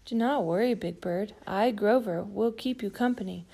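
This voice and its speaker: A woman's voice: medium pitch, normal speed, creaky, dark tone. A woman voicing an earnest, kindly furry monster who speaks formally and grandly, in a storybook reading. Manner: formal, grand self-announcing.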